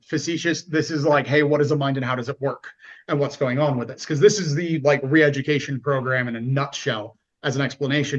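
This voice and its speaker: A man's voice: medium pitch, muffled recording. A man talking as a podcast guest in casual conversation, animatedly acting out the voices of people he describes. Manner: animated, acts out quoted voices.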